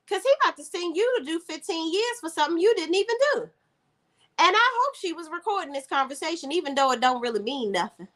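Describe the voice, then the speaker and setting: TV reviewer, woman, blunt and opinionated, high lively voice. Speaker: TV show reviewer. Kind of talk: casual TV recap.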